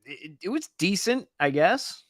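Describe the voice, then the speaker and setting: Dude on a sports pod, wry jokes, bouncy voice a bit high, dry mic. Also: male voice, sing-song, unhurried, no room sound. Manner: wry, joking asides. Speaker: podcast co-host. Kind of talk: casual sports chat.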